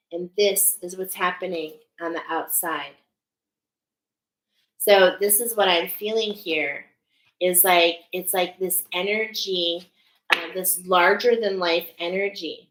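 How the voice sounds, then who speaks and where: A woman host reads oracle cards for her viewers in an echoey room, her voice on the low side and a bit bright. Her spiritual reading is earnest and emphatic, and she often repeats "okay?"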